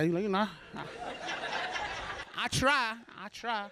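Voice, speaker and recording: High-voiced man from Baltimore doing stand-up. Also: a little fast, long pauses, sharp tone. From Baltimore, USA. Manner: loose, conversational, self-mocking delivery. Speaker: stand-up comedian. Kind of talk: stand-up comedy set. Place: comedy show stage before a live audience.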